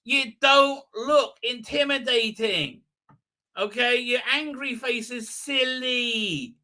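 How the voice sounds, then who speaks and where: Speaking slowly with an extremely high, sharp voice, a male host runs a live show that sneers at a TV episode. He mocks the characters by quoting them in put-on, exaggerated voices, stumbling through many fillers and restarts.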